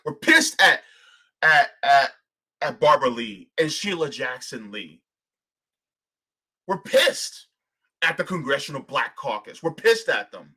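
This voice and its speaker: A man's voice: fairly high pitch, bright, forceful tone, breathy edge, rough recording. A man giving heated political commentary on a live stream, ranting, sarcastic, and full of rhetorical questions.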